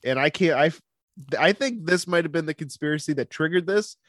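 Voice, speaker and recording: A man's voice: on the high side, a little fast, dry recording, studio quality. A man co-hosting a podcast in casual chat, playful and laughing often as he builds up a story. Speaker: podcast co-host.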